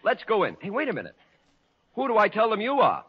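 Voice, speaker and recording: A man's voice: high-pitched, huge pitch swings, fast, slightly rough, heavily acted. An actor playing a naive, eager young man posing as a famous singer in a 1940s radio comedy, stammering when nervous. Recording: muffled old radio broadcast with hiss.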